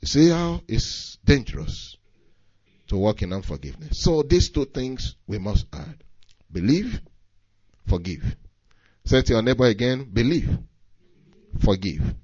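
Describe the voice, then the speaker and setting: A man's voice: medium pitch, very animated, moderate pace, a little mellow, no room sound, lo-fi sound. A man preaching a sermon, reading scripture and pressing his points with rising emphasis.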